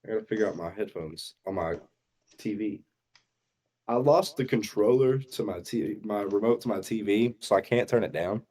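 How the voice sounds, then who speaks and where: A man joining a casual sports podcast as a guest, an excitable fan who openly vents his frustration. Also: fairly low pitch, normal speed.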